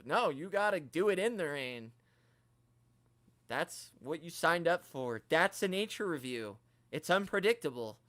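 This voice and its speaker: Male streamer, higher-pitched, dry close sound, animated joking rants. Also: unhurried, dry recording. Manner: animated, joking rants, quotes others in mock voices. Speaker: toy collecting channel host. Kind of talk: casual livestream chat.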